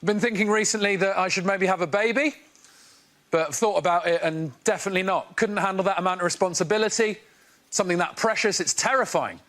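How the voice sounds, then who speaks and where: Man, self-deprecating comic, rambling delivery, high voice. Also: quick pace, fairly bright tone. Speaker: comedy panelist. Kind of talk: stand-up monologue. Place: TV studio before a live audience.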